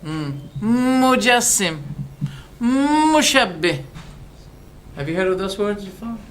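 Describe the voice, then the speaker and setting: A man with a fairly high voice delivers a religious lecture to his listeners. He is animated and rhetorical, firing off quick questions and briefly acting out both sides of an argument. A faint hum of background noise sits beneath his voice. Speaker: Islamic preacher.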